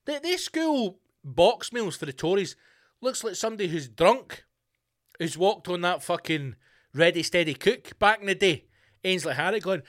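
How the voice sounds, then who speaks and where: A Scottish man with a slightly high-pitched voice rants through a podcast monologue. He swears constantly and slips into mocking voices when he quotes people. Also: animated, moderate pace, fairly bright tone. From Scotland. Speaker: podcast host. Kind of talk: casual ranting monologue.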